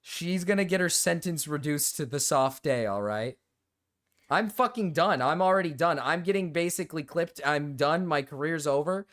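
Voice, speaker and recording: A man streaming live, joking loudly and swearing in casual banter. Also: a little high, normal speed. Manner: loud, joking, swears a lot.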